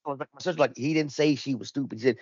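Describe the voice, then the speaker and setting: Fast-talking man telling a rambling story. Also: mid-range voice, a little mellow, dry recording. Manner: rambling, profane, lots of repeated restarts; acts out both sides of the argument. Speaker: podcast co-host. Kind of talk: casual storytelling chat. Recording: dull lo-fi dry recording.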